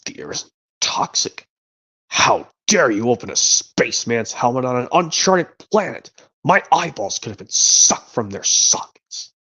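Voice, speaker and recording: A man's voice: medium pitch, big pitch swings, a little slow, pushed and bright, breathy edge, heavily acted. Buzz Lightyear, a man doing a solemn space ranger. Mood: stern. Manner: stiff, solemn. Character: earnest, self-serious male space ranger toy. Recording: dull lo-fi stream audio.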